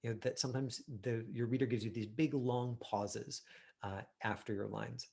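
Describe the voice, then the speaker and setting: A man's voice: medium pitch, steady tone, moderate pace, gravelly, darkish tone. A middle-aged man teaching an online acting class, talking casually with many fillers as he reviews a student's self-tape. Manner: chatty, full of fillers and "you know".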